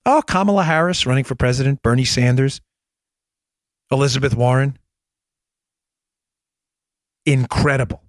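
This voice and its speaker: A man's voice: mid-range voice, moderate pace, long pauses, no echo. A man hosting a podcast, delivering emphatic, impassioned political commentary. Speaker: podcast host.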